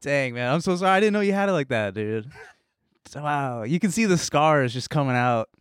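A man's voice: mid-range voice, lively intonation, a little fast, fairly bright tone, smooth, dry recording, studio quality. A young man co-hosting a podcast in casual chat, teasing and sarcastic, often laughing. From San Francisco Bay Area. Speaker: podcast co-host.

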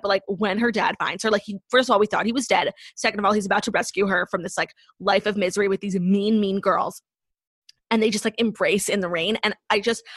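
Husky woman chatting fast on a podcast, tons of "like", dry close sound. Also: medium pitch, a bit bright, no room sound. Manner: chatty, fills speech with "like". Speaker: podcast co-host. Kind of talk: casual podcast chat.

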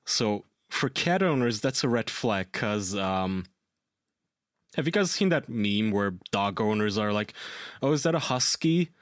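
A man's voice: lowish voice, expressive, a little slow, a bit bright, dry recording. A man spins a story on a casual podcast with a lot of swing in his voice. He swears freely and laughs at his own tales. The sound is dry and close, with no room around him. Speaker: podcast co-host. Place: lives in Germany.

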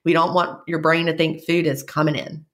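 A woman's voice: low voice, steady tone, moderate pace, a bit bright. A woman co-hosting a podcast in casual chat, a little stuffy from a cold, giving emphatic advice. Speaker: podcast co-host.

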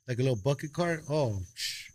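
Fast-talking, profane laid-back man. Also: mid-range voice, animated. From East Los Angeles. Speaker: podcast guest. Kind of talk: casual storytelling.

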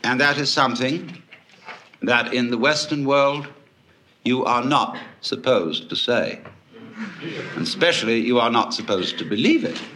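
Animated, bright-voiced male lecturer. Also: mid-range voice, a little slow, pauses often, slight background noise. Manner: animated, wry storytelling with swooping emphasis. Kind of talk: public lecture to an audience.

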